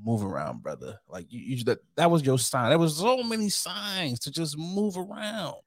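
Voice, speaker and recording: A man's voice: a little high, lively intonation, moderate pace, no room sound, studio quality. A young adult man hosting a casual chat, playful, laughing easily and acting out quoted lines.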